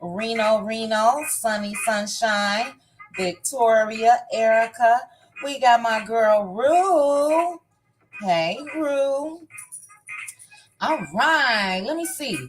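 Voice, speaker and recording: A woman's voice: a little high, extremely slow, low-quality recording. A woman hosting a casual live stream, greeting viewers by name one after another. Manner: warm shout-outs, reading names one by one.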